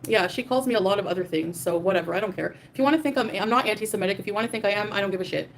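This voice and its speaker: A young adult woman livestreaming from home, ranting defiantly and swearing freely at her chat. Her pitch sits in an ordinary middle range, and her sentences are scattered with fillers and restarts. A faint hiss of background noise sits under her voice. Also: rapid-fire. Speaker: livestream host. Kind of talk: livestream rant reading super chats.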